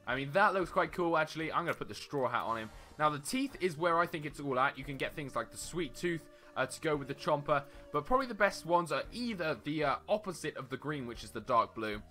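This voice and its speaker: Chatty young man, bright voice. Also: mid-range voice. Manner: chatty, rambling, with many fillers and sudden excited outbursts at the game. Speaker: gaming video host. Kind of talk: casual gameplay commentary.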